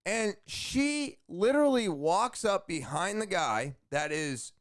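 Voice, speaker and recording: Rambling man telling a story, crisp voice. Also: high voice, animated, slow, no room sound, studio quality. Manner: rambling, filler-heavy, repeats words. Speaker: podcast host. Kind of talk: casual storytelling monologue.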